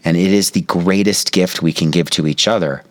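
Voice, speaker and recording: A man with a very low voice speaks as a meditation teacher, telling a reflective story. He talks calmly and slows down to stress key moments. The recording is dry and close. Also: dry recording. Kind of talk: reflective spoken talk.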